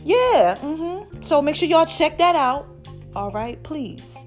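A woman hosting her own podcast, talking casually and excitedly to her listeners, laughing often. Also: high-pitched, takes it slowly, faint music behind. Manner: hyped, expressive, laughs often. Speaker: podcast host.

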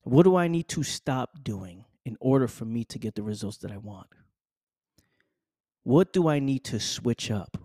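Mężczyzna, ciemny głos, motywacyjny monolog. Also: male voice, medium pitch, expressive, unhurried, mellow, no room sound, studio quality. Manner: preachy, repetitive, addresses listener as "fam". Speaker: podcast host. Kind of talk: motivational monologue.

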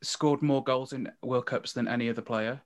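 Animated storytelling man, restarts. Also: mid-range voice, normal speed. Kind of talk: casual chat about football.

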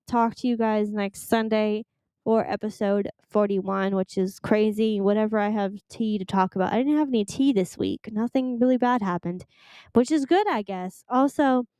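A woman's voice: on the high side, clear, resonant tone, dry recording, studio quality. Gushing young woman hosting a podcast. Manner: gushing, rambling and excitable. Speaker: podcast host. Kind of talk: casual solo podcast chat.

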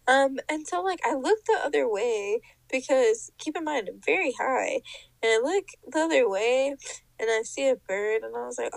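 A young woman co-hosts a podcast and tells a story in loose, casual chat. Her voice sits a little high and carries a gravelly fry. She laughs and acts out the people in her story, recorded close and dry. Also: measured pace, no echo, low-quality recording. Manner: animated, laughing, mimics people in her stories. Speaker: podcast co-host.

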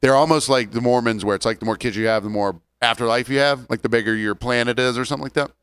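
40s guy, smooth clear voice, wry ranty podcast chat. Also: mid-range voice, fairly even intonation, fast talker, a bit bright. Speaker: podcast co-host. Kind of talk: casual chat.

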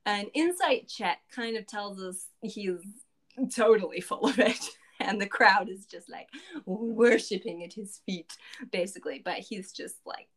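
Chatty woman player recapping a game session, mid-pitched, lots of "like" and asides. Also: measured pace. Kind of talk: casual recap of a tabletop game.

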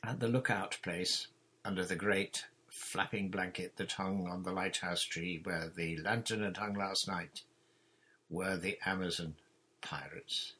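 Male audiobook narrator, steady and measured, lowish voice with a husky edge. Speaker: audiobook reader. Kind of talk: storybook narration.

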